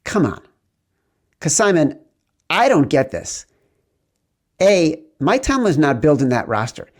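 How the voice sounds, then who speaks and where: A man's voice: on the high side, big pitch swings, measured pace. A middle-aged man hosting a sports betting podcast, chatting playfully and breaking into sing-song greetings. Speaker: podcast host.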